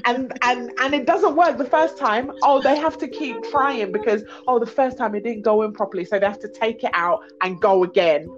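A woman's voice: on the high side, normal speed, hardly any pauses, muffled recording. Chatty woman telling a story. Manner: animated storytelling, laughs often, acts out others' voices. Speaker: guest. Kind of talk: casual podcast chat.

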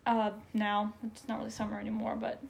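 Young woman, earnest and heartfelt, fairly high voice, casual faith chat, filler-heavy. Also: monotone, a little fast, gravelly, darkish tone. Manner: earnest, emotional, many "like" fillers. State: tearful at times. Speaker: faith podcast co-host.

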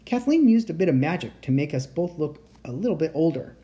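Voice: mid-range voice, big pitch swings, a little fast, warm tone, close to an everyday voice. A reader voicing a polite teenage boy enchanter who speaks in formal, old-fashioned phrasing. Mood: earnest.

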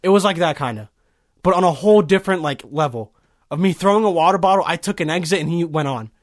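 A man's voice: on the high side, fast talker, no room sound. A young man hosting a casual podcast from a small studio, rambling and swearing with lots of fillers. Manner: rambling, profane, heavy with fillers. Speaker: podcast host.

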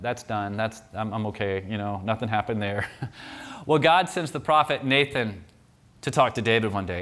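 A man's voice: mid-range voice, a bit bright. Man preaching a conversational sermon. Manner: conversational storytelling with many restarts.

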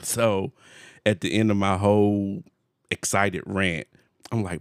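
Gravelly man in his forties, animated storyteller. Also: on the low side, slow pace, no echo, studio quality. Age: 40s. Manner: casual slang. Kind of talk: casual chat, storytelling.

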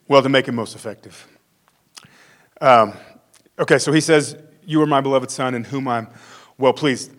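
A man's voice: medium pitch, fairly bright tone. A male pastor giving a conversational sermon, acting out the quotes he reads.

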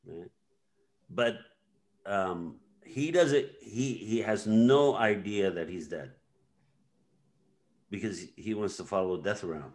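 Low-voiced guy hosting a podcast, talks real slow and rambly, lots of ums. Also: darkish tone. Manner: slow and meandering, with many fillers and retold movie scenes. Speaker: podcast host. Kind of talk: casual conversation.

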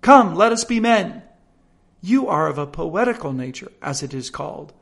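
A man voicing a boastful pet parrot that lectures the other birds in a smug, self-satisfied way, breaking into shrill squawks. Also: sing-song, moderate pace, creaky, a bit bright, exaggerated voice.

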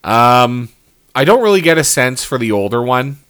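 A man's voice: medium pitch, very animated, moderate pace, a bit bright, smooth. A man co-hosting a casual podcast, reviewing a TV show with sarcasm, frequent swearing and laughter. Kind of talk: casual chat.

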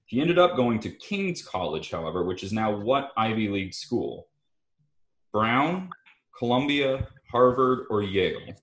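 A man hosts a casual trivia game, reading each multiple-choice question and its options in a steady manner. The recording has a noticeably roomy echo. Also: lowish voice, measured pace. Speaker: quiz host.

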